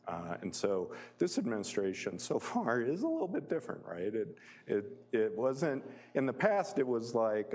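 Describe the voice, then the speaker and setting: A man's voice: fairly low pitch, sing-song, normal speed, hardly any pauses, a little mellow, husky. A man giving a public lecture as a guest speaker, conversational and full of fillers, often chuckling as he tells personal stories.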